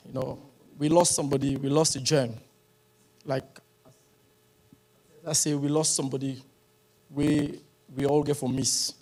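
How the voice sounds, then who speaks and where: A man's voice: on the high side, darkish tone. Sierra Leonean man giving a rambling tribute. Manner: rambling, halting, mixing Krio and English. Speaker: funeral speaker. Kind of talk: spoken funeral tribute.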